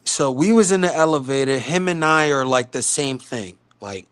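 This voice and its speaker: A man's voice: mid-range voice, lively intonation, normal speed, fairly bright tone, clear, resonant tone. A middle-aged man from the South Bronx with a New York accent, telling stories in casual chat and acting out the street talk he quotes. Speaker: live stream host.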